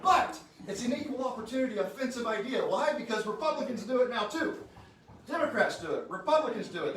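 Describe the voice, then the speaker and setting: A man's voice: high voice, a bit bright. A man giving an informal political speech to a live audience. He is fired up and joking, and keeps quizzing the crowd with questions. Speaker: state senator. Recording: very echoey room, speaker far from the mic.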